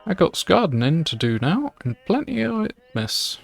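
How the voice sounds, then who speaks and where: A man's voice: medium pitch, big pitch swings, moderate pace, no room sound. A man voicing a young male school gardener who talks in a curt, evasive way. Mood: gruff. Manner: curt, dismissive working-class talk.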